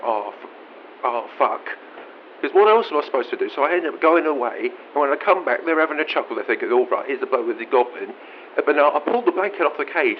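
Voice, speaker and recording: Young Australian caller, rambling and incredulous, swears a lot, dull lo-fi audio with faint noise. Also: male voice, on the high side. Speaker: radio caller. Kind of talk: comic storytelling monologue.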